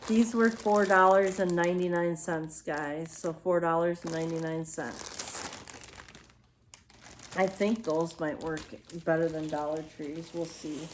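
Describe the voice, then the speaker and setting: A woman's voice: low voice, fairly even intonation, unhurried, slight background noise. A woman chatting casually as she shows off home decor she bought, rambling and often adding apologetic asides. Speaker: home decor haul vlogger. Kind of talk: casual show-and-tell chat.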